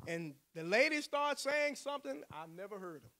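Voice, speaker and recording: A man's voice: very high voice, big pitch swings, normal speed, few pauses, sharp tone, a little hiss or hum. A male pastor, telling a personal story in a sermon, acting out the voices he quotes and laughing often.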